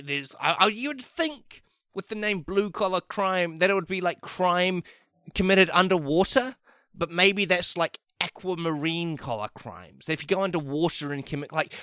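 Rambling, excitable male podcast host, bright voice, dry close sound. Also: high-pitched, dry recording. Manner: excitable, rambling, many fillers and restarts. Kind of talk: rambling comic riff.

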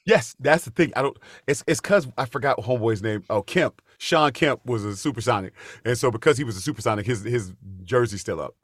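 Animated storytelling man, dry close sound. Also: fairly quick, hardly any pauses, no room sound. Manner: animated storyteller with big pitch jumps when quoting. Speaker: guest, Broadway actor. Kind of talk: casual chat.

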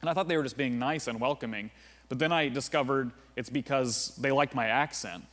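A man's voice: medium pitch, a little fast, fairly bright tone. A man preaching a sermon as pastor in a casual, conversational way, often saying "like" and "uh". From United States. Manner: conversational, with frequent "like" and "uh" fillers. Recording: long reverb of a large room.

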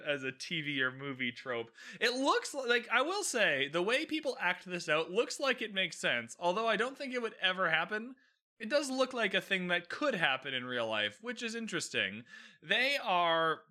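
A man's voice: high-pitched, bright, forceful tone. A man giving a casual, sarcastic recap of a TV episode, chatty and often acting out the characters' lines. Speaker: show recapper.

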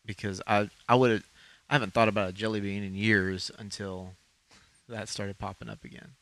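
A man's voice: on the low side, moderate pace. A man from Arkansas co-hosting a podcast, chatting casually and rambling with lots of ums. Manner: relaxed, rambling with many ums. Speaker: podcast co-host. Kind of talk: casual chat.

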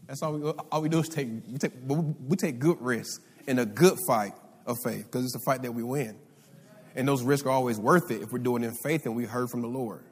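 A man's voice: medium pitch, a little fast, darkish tone, breathy edge. A male pastor preaching a sermon, calling out for responses from the congregation. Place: church sanctuary. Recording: live hall reverb.

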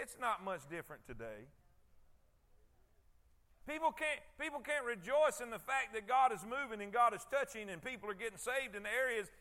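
A man preaches a conversational sermon, often doubling back on his words. His voice sits very high and sounds bright and forceful. He keeps turning to the congregation to check that they are following. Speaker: pastor.

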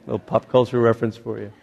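A man's voice: mid-range voice, creaky, a little mellow, highs cut off. A male pastor preaching a sermon, dramatic, acting out the voices he quotes. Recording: long hall reverb.

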